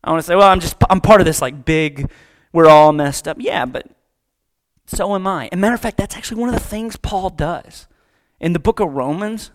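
A man preaching a casual, joking sermon, acting out quick voices as he talks. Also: high voice. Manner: conversational, joking, acts out voices. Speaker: pastor.

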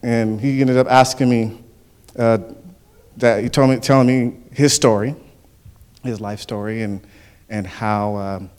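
Man giving a church testimony, lively, chuckling storyteller. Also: mid-range voice, measured pace, long pauses, clean tone. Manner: animated storytelling with frequent chuckles. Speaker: church speaker. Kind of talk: spoken testimony.

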